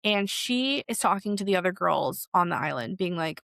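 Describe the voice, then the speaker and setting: A young woman hosts a podcast and talks through reality TV gossip in a loose, chatty way, filling her sentences with "like". Her voice has a gravelly fry, and the recording is dry and close. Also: lowish voice, moderate pace, no echo. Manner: chatty, animated, full of "like" fillers. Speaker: podcast host. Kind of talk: solo pop culture commentary.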